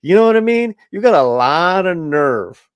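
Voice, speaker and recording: A man's voice: high voice, very animated, normal speed, clear, resonant tone, no echo, dull audio. A man hosting a casual podcast chat, agreeable and joking. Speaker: podcast host.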